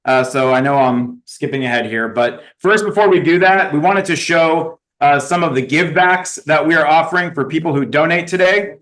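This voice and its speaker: A man with a slightly raised voice steps in to present fundraising slides at a conference. He talks casually, pausing to fumble with the slides. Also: a little high, a bit bright, rough recording. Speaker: conference organizer.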